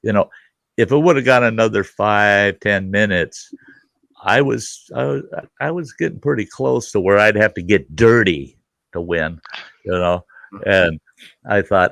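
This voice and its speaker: A man's voice: fairly low pitch, a little slow, gravelly, no room sound. A middle-aged man hosting a casual chat, telling a story with lots of swearing and acted-out voices. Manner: animated, swearing, acts out voices in his stories. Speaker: host.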